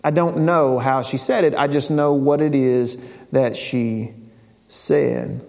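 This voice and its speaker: A man's voice: mid-range voice, fairly even intonation, slow pace, creaky, a little mellow. Conversational male preacher in a reverberant hall. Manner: conversational storytelling, paraphrasing scripture in casual speech. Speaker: pastor. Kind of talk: sermon.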